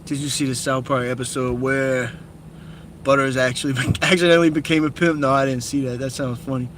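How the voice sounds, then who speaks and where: A man's voice: medium pitch, steady tone, a little fast, fairly bright tone. A young man live streaming while driving city streets, talking bluntly and cursing often. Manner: profane, blunt, opinionated rambling. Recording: noisy car interior with traffic. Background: car and street noise.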